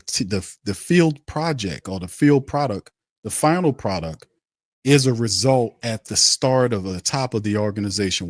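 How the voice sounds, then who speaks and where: A man's voice: lowish voice, dry recording, studio quality. A man hosting a sports podcast, delivering a blunt, heated, profane rant that hammers the same points home.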